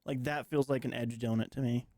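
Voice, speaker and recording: A man's voice: mid-range voice, a little fast, no echo. Chatty man on a dry mic. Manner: relaxed, rambling, lots of fillers. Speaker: stream co-host. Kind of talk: casual chat.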